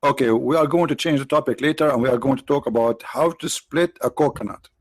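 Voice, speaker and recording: A man with non-native English phrasing hosting a livestream, mocking his subject with rhetorical questions, his voice tired and his throat often cleared. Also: medium pitch, fast talker, no room sound. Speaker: livestream host. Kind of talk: mocking debate commentary.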